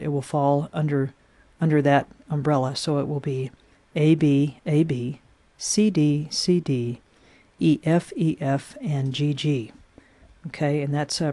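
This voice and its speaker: A woman's voice: low-pitched, darkish tone, no echo. A woman teacher explaining sonnet form step by step in a recorded lesson, with frequent "uh" fillers.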